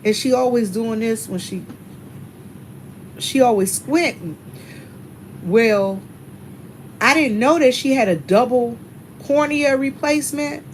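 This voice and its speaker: A woman vlogger tells a story in a chatty, casual way and calls her viewers y'all. Her voice sits a little higher than most women's, and she laughs easily as she talks. A steady hum runs behind her. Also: takes it slowly, long pauses, low-quality recording.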